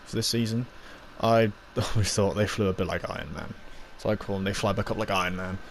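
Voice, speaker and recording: A man's voice: fairly low pitch, brisk, gravelly, a little hiss or hum. A man giving a casual, rambling spoken review, recapping scenes with lots of fillers and little acted-out quotes.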